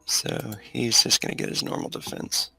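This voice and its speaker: A man running a tabletop game, relaxed, explaining rules and outcomes to his players. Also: moderate pace, music in the background. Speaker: game master.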